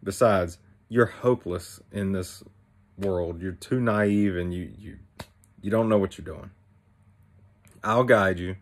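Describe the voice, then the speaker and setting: A man's voice: low-pitched, slow, pauses often. A man voicing a confident young female fairy guide, bossy and matter-of-fact, in a casual retelling.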